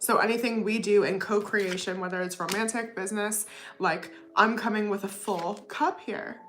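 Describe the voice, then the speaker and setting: A woman's voice: medium pitch, steady tone, normal speed, a bit bright, slight background noise. A woman giving a casual tarot reading to her viewers, chatty, often adding "okay?" and "you know what I mean?". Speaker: tarot reader.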